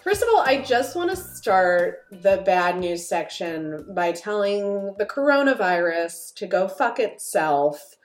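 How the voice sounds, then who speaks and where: Animated woman podcast host. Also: medium pitch, takes it slowly, hardly any pauses, soft background music. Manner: animated, profane mock outrage. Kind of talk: casual chat.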